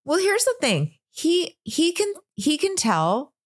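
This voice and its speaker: A woman's voice: sits high, wildly swooping pitch, takes it slowly. A woman co-hosting a podcast in casual chat, retelling TV scenes step by step. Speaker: podcast co-host. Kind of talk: casual chat recapping a TV show.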